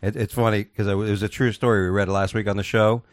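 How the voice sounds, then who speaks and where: Male host, fast and profane storyteller, plays every part; dry, close mic. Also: fairly low pitch, no echo. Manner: profane, animated storyteller acting out voices. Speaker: podcast host. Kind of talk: crude casual chat, telling stories.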